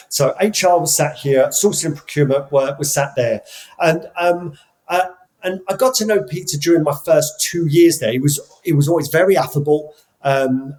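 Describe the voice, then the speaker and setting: A man's voice: fairly high pitch, poor audio. A middle-aged man from England, a podcast guest, tells stories about his career in a reflective way, often restarting and repeating words as he thinks. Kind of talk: reflective storytelling.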